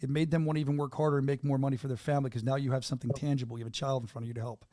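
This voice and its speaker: A man's voice: mid-range voice, little pitch movement, dark tone, dry recording. A man hosting a fight podcast, interviewing a fighter in an upbeat, hype-man style. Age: adult with two children. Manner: upbeat hype-man talk, quick and repetitive. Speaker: podcast host and fight announcer. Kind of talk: casual interview chat.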